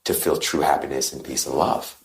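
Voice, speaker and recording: A man talking as a guest coach on a podcast, lively and quick with short agreeing interjections. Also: extremely low pitch. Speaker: guest, happiness and positive psychology coach.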